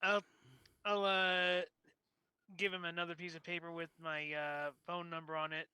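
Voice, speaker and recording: A man's voice: on the high side, flat delivery, normal speed, pushed and bright, clean tone, dry recording, low-quality recording. A man playing a tabletop role-playing game, explaining his moves in a hesitant, thinking-aloud way. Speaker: player. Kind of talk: casual tabletop game play.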